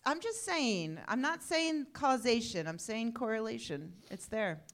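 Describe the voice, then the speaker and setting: A woman chats on a casual panel with teasing, deadpan humor. Her voice sits a little high and moves a lot in pitch. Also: measured pace. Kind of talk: casual chat.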